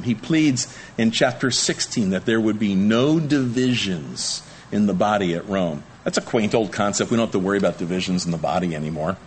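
A man preaching a sermon to a congregation, pleading and emphatic, with lively swings in his delivery. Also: slight background noise. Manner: animated, pleading emphasis with wide pitch swings. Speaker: pastor. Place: church room with a congregation.

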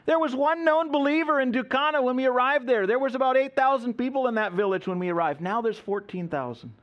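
A man with a high voice preaches through a mission story. He tells it in an animated way and acts out the voices of the people he quotes. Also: quick pace, muffled recording. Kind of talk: sermon storytelling.

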